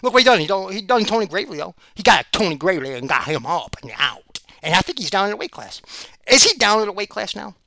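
Fast, gravelly man ranting sarcastically. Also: high-pitched, big pitch swings, sharp tone, dry recording. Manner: sarcastic, ranting, repeats himself. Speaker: fight picks host. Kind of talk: rambling solo commentary.

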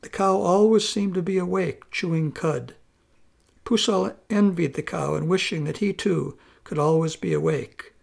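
A man narrating a folk story in a slow, measured way. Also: high-pitched, creaky, darkish tone.

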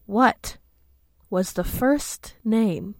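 A woman's voice: extremely slow, darkish tone, dry recording, studio quality. A young woman co-hosting a casual podcast, playful and swearing, quizzing her friend. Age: young adult. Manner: playful, swears, bursts into high sing-song cheers. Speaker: podcast co-host. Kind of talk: casual chat, trivia quiz.

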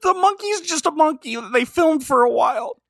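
A man co-hosting a podcast, recapping a short film in casual comedic chat with deadpan delivery and lots of giggling. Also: extremely high pitch, normal speed, vocal fry, no echo, clean studio sound. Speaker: podcast co-host.

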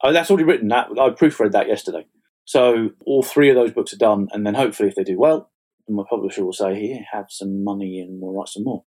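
A man, a fantasy author chatting as an interview guest, self-mocking and quick to laugh at his own stories. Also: lowish voice, darkish tone. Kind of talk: casual interview chat.

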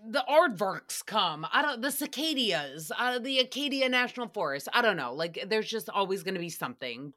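Sassy, bright-voiced woman podcaster. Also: medium pitch. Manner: sassy, chatty, swears freely, acts out quotes with mocking voices. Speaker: podcast host recapping another show. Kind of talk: casual solo podcast commentary.

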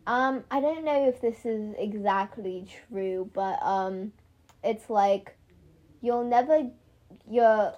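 A teenage girl co-hosting a casual chat podcast, playful and giggly, talking in quick bursts. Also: mid-range voice, dark tone, dull audio. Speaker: podcast co-host.

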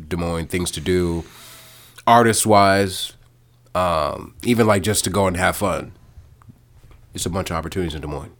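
A young man from Iowa, guesting on a casual podcast, with a low voice. He talks haltingly, repeats his words and often trails off quietly. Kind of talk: casual chat.

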